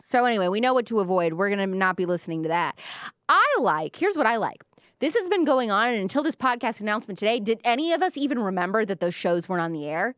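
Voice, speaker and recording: A woman's voice: medium pitch, expressive, fast talker, a bit bright, clean tone, dry recording, clean studio sound. A woman hosting a live-stream commentary show, talking sarcastically and mockingly. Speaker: podcast host.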